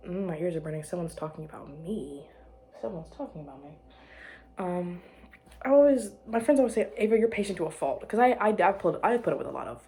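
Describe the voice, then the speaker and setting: A woman's voice: lowish voice, a little mellow. Rambling, giggly young woman vlogging. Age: young adult. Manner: rambling, self-interrupting, giggly, drops to murmurs. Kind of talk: casual chat to camera.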